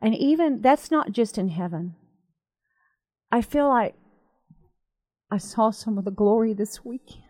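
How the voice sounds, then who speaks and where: A woman co-hosting a Christian talk show, telling a story in an animated, emphatic way. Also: fairly high pitch, unhurried, long pauses. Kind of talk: conversational faith talk.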